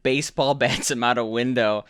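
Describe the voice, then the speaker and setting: A man's voice: medium pitch, fairly even intonation, normal speed, fairly bright tone, a little hiss or hum. A young man co-hosting a podcast, recapping a movie in casual chat and often repeating words as he starts a sentence. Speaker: podcast co-host.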